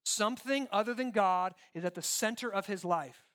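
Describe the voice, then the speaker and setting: A man preaching a sermon, animated, acting out quoted voices and asking "right?" often. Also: high-pitched, normal speed, clear, resonant tone. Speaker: pastor.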